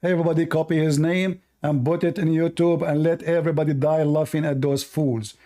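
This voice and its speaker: Mocking man with a higher, dark voice. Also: little pitch movement, fairly quick. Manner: mocking, scornful, laughs at the caller. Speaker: host of a live call-in debate show. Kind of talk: combative call-in debate. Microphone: online call.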